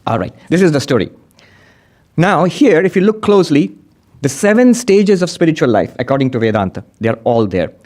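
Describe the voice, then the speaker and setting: Brief: male spiritual teacher, fairly high voice, lively and emphatic delivery, teaching-talk pacing. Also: fairly quick. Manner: animated, swinging between high emphatic and low quiet phrases.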